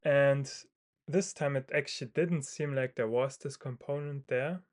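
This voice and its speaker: A man's voice: medium pitch, fairly even intonation, unhurried, darkish tone. A man thinking aloud in a casual monologue, hesitant and full of fillers and restarts. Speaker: video creator.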